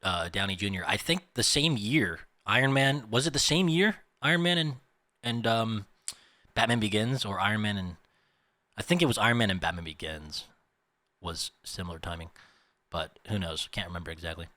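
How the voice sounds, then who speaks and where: A man's voice: lowish voice, expressive, moderate pace, pushed and bright, no room sound. A young man giving casual, rambling reaction commentary between clips. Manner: rambling, chatty, unsure asides. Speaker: reaction video host.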